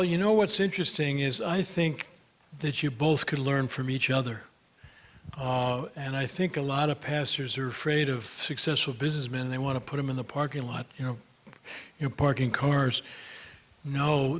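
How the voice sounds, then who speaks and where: A man's voice: medium pitch, fairly even intonation, moderate pace, fairly bright tone. A man speaking as a guest at a gathering, answering audience questions in a chatty, storytelling way with many fillers. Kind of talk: conference Q&A talk.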